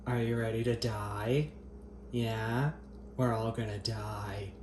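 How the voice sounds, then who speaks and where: A man films a cooking vlog in his home kitchen, speaking straight to camera with profane, sarcastic, mock-dramatic humor and teasing his viewers. His voice is fairly low, steady, slow and a little mellow, and the kitchen sounds echoey with faint background noise.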